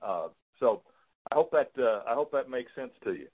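A man's voice: mid-range voice, expressive, moderate pace, breathy edge, muffled recording. A man coaching a client on a call, giving frank, fatherly advice and often repeating words as he talks. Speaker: business consultant.

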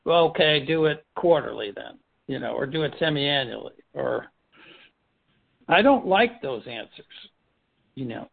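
A man's voice: fairly high pitch, vocal fry. A man leading a business team meeting, coaching with rhetorical questions and many restarts. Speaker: firm leader running a team meeting. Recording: tinny phone-line sound.

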